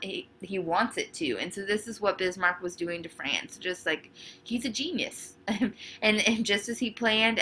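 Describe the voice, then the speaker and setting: A woman gives a recorded history lecture in a chatty, informal way, full of fillers and quick asides. Her voice is bright and forward. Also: mid-range voice. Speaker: history teacher.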